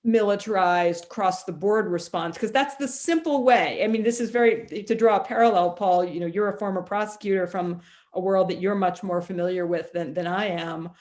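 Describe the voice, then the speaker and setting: A woman's voice: medium pitch, moderate pace, darkish tone. A middle-aged woman author speaking as a guest on a video call, telling stories in a chatty way with many ums and restarts. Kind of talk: conversational storytelling.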